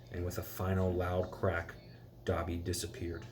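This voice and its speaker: A man's voice: low voice, completely flat delivery, moderate pace, darkish tone, slight background noise. A man reading a storybook aloud to his child, stumbling and restarting and stopping to explain hard words.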